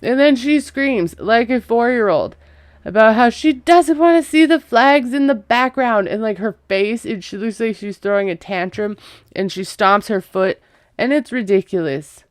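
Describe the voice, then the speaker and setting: A woman's voice: on the high side, a little slow, no echo, studio quality. A woman recapping a TV episode in a casual, gossipy, sarcastic way. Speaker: TV recap vlogger.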